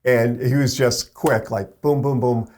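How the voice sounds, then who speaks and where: A man, a radio program director and morning show co-host, tells an animated story and acts out the quoted voices. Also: medium pitch, unhurried.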